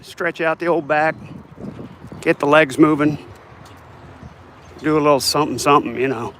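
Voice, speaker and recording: Pausing often at a moderate pace, an older vlogger with a highish, fairly bright voice rambles and jokes about himself as he walks a city street. He speaks into a handheld phone, with slight background noise.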